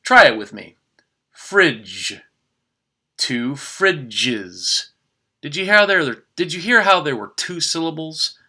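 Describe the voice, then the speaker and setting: Bright, careful man teaching pronunciation. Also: a little high. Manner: slow, careful over-articulated demonstration of words. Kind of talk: spoken language tutorial.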